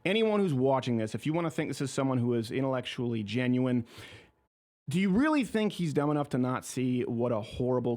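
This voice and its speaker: A man hosting a political talk show, giving opinionated commentary in a sarcastic, mocking way. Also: medium pitch. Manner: sarcastic, mocking, animated delivery.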